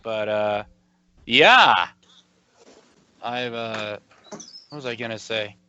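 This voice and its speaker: Podcast co-host, man, profane ranter, piercing bright tone, dull dry mic. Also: on the low side, slow pace, slight background noise. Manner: profane, ranting. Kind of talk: casual wrestling talk.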